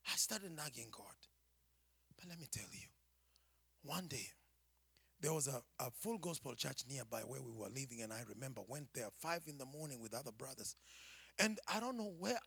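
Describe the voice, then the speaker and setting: A man with a Kenyan accent, a preacher giving a personal testimony with dramatic storytelling that swings from hushed to shouting. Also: fairly high pitch, lively intonation, normal speed, vocal fry, husky, no echo.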